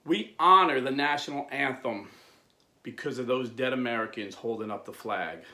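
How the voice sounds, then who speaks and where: A man hosting a video, telling a historical story in an animated, emphatic way. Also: medium pitch, normal speed, echoey room. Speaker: video host. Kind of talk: impassioned storytelling.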